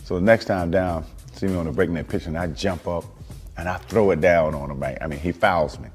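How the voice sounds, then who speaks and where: A man, a former player, telling an animated anecdote in an interview. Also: sits low, a little fast, soft background music.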